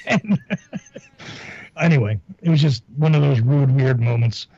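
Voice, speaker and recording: A man's voice: medium pitch, slow, dark tone, breathy edge, no echo. A man hosting a podcast in casual chat, telling rambling stories and laughing at them. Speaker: podcast host. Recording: dull muffled sound, dry.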